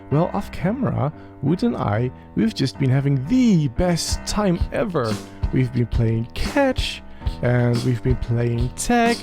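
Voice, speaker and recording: A man hosting a role-played Minecraft let's play, talking softly and earnestly to a creature in the game. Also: mid-range voice, vocal fry.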